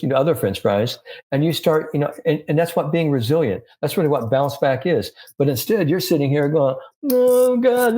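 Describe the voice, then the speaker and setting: An older man telling a story in an interview, with a medium-pitched voice. He is animated and folksy, jumping into the voices of the people in his story. He speaks as a guest sports psychologist. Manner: lively storyteller acting out quoted voices. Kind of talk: animated anecdote in a podcast interview.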